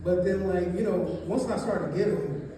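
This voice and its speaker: A man's voice: high voice, normal speed, mellow. A young man doing a stand-up comedy set, telling loose, rambling stories full of fillers. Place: comedy show room. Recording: echoey live room taken from a distance, noisy. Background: audience laughter.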